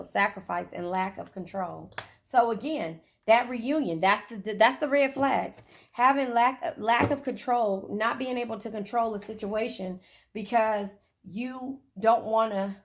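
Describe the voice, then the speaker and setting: A woman's voice: mid-range voice, unhurried. A woman giving a casual tarot reading in a car, blunt, profane and chatty as she talks straight to her viewers. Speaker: tarot reader.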